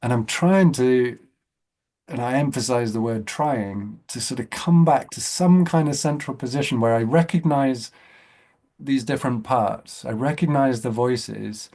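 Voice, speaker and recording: A man's voice: medium pitch, normal speed, warm tone. A man in a reflective casual chat, talking thoughtfully and repeating words as he works out his ideas. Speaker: self-inquiry group member. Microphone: video call.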